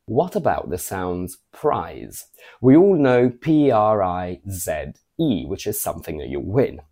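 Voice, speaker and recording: Deep-voiced man teaching English pronunciation. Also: big pitch swings, takes it slowly, mellow. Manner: spells words letter by letter, careful modeling of phrases. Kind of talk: scripted video lesson.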